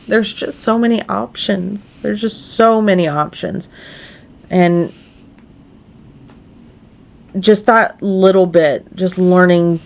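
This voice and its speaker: Woman podcast co-host, slow, rambling, earnest, lowish voice. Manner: earnest, rambling with many fillers. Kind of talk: casual podcast chat. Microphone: podcast microphone.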